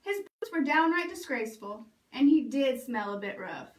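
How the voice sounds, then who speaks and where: A woman librarian reading a picture book aloud for children in a lively, expressive way. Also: high-pitched, moderate pace, far from the mic. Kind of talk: storytime read-aloud. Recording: roomy echo, away from mic.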